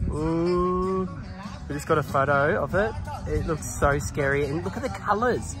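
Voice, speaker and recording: A man with a fairly high voice talks through a casual travel vlog outdoors, recorded on a handheld camera. He is chatty, laughs often and exclaims as he goes, and he is out of breath from the climb. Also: a little slow, music in the background. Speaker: travel vlogger. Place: outdoors at a hilltop pyramid site.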